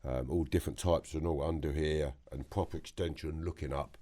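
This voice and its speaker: A man with a London accent telling his story as a podcast guest, blunt and animated, swearing freely. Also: a bass voice, a little fast. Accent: London English. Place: podcast studio.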